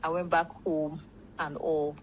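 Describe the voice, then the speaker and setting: A woman's voice: low voice, little pitch movement, a little slow. A young woman, rambling through a casual story full of fillers. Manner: rambling, many fillers like "like" and "blah, blah". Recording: dull lo-fi sound with faint noise.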